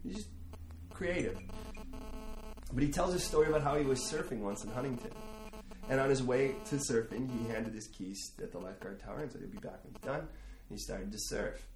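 A man preaching a sermon as a pastor, telling stories and building to animated emphasis. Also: medium pitch, fairly quick. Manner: storytelling, rising to animated emphasis. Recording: echoey room, faint ambience.

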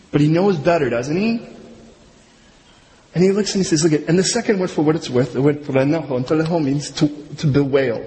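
A middle-aged man preaching a sermon, telling the story with humor and acting out the people he quotes. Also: fairly high pitch. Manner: animated, jokey storytelling with quick voiced asides. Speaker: pastor. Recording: long hall reverb, faint room noise.

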